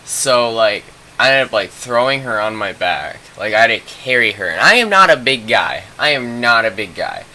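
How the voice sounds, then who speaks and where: A man's voice: mid-range voice, very animated, normal speed, few pauses, sharp tone, a little hiss or hum. A young man telling a rambling, profane story in a casual storytime vlog, full of fillers.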